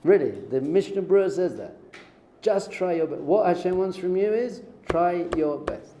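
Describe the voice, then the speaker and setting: A middle-aged man, a rabbi teaching an informal Torah class, lively and joking, acting out little dialogues. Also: high-pitched, moderate pace. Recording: echoey room with faint noise.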